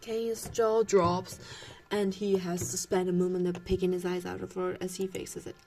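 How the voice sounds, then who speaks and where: A woman's voice: fairly low pitch, level tone, moderate pace, a little mellow, a little hiss or hum. A young woman reading a dating sim aloud and reacting between lines, playful and giggly. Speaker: gameplay streamer.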